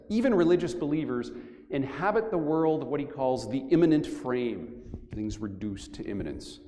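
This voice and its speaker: A man's voice: mid-range voice, darkish tone. Middle-aged man lecturing in a reverberant church. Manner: measured, emphatic delivery with deliberate pauses. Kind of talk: formal academic lecture. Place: large church.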